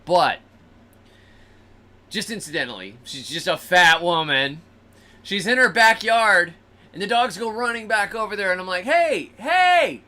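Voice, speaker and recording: With a voice that sits high, a man hosting a show tells casual stories at a normal speed, leaving long pauses. He's animated throughout, doing comic voices for the animals and people involved.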